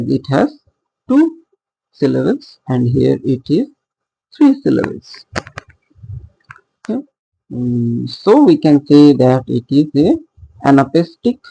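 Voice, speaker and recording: A man's voice: a little high, vocal fry, warm tone, breathy edge, dry recording, muffled recording. A man teaching a lesson on poetic meter. He talks hesitantly, with many fillers and self-corrections, and asks the class rhetorical questions that he answers himself. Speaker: literature teacher.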